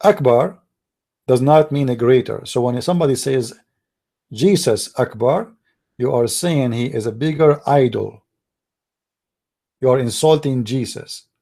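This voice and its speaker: A man's voice: medium pitch, unhurried, long pauses, dark tone. A man hosting a call-in show, lecturing in a scornful, heated way and repeating himself, in non-native English. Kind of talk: heated monologue.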